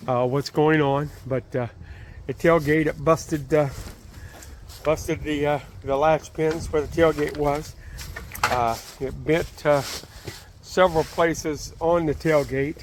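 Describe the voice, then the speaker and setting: A man's voice: fairly high pitch, fairly even intonation, slow, slight background noise. A man telling a story in a casual way, rambling with many fillers and restarts, beside his trailer outdoors. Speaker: channel host telling a story.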